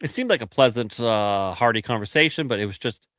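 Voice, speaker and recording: A man's voice: medium pitch, animated, brisk, a bit bright, no echo. A man hosting a casual chat show, telling a story with lots of restarts and filler words. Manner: rambling, many restarts and fillers. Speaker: host.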